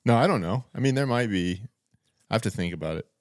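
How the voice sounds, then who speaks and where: A man's voice: on the low side, fast, no echo, clean studio sound. A young man co-hosting a podcast, chatting casually and laughing often as he riffs on jokes. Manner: animated, jokey, laughs often. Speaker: podcast co-host. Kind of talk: casual chat.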